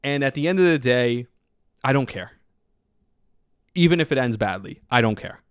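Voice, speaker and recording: A man hosting a solo sports podcast, talking in an excitable, rambling way with lots of filler words. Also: mid-range voice, moderate pace, clear, resonant tone, no room sound, studio quality. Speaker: podcast host.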